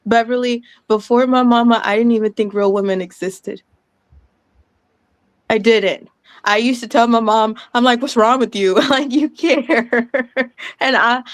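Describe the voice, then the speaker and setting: Woman, 30s, overwhelmed impassioned speaker, slightly high pitch, dry sound. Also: clean tone, dry recording. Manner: emotional, loud and laughing, apologetic. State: sweating, overwhelmed. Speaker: guest speaker. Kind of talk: impassioned speech.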